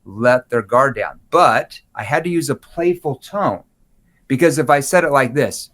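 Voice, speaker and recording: A man's voice: medium pitch, measured pace. A man on a podcast explaining sales techniques, acting out sample lines in shifting tones. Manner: animated, acts out sample dialogue with shifting tones. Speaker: sales trainer guest. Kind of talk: podcast interview, demonstrating tones.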